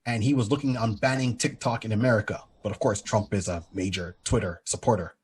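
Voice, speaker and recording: A middle-aged man co-hosting a podcast, an animated storyteller who acts out quotes in casual chat. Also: on the low side, a little fast, a little hiss or hum. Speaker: podcast co-host.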